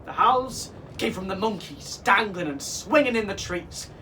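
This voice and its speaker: A man performing as a pirate king, reading a storybook aloud to children in a slow, expressive way. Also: high-pitched. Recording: voice from some distance off with faint hiss.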